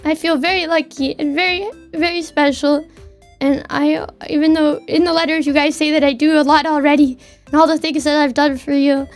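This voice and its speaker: A woman's voice: sits high, steady tone, normal speed, soft background music. A young woman streamer chatting casually from her desk at home, stammering and repeating words as she talks heartfelt. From Canada. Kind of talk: casual chat.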